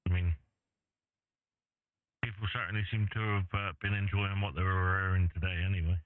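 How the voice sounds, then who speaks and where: A man's voice: low-pitched, level tone, brisk, phone-quality sound, a little hiss or hum. An English man chatting casually over ham radio, laid-back and rambling with lots of fillers. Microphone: radio transceiver mic. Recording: thin radio transmission audio.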